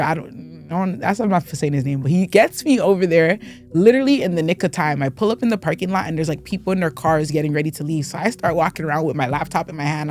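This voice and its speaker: Animated young woman telling a story. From Canada. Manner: animated storyteller who acts out quotes with big pitch jumps. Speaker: host. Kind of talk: casual storytelling recap.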